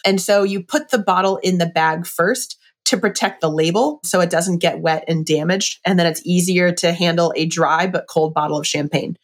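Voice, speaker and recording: A woman's voice: fairly low pitch, moderate pace, few pauses. A middle-aged woman chatting casually and enthusiastically about wine and a book, with lots of fillers.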